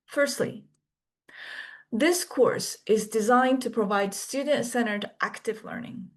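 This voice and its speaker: A woman course instructor giving a scripted orientation lecture in a measured, deliberate way, pausing between the items of each list. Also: a little high.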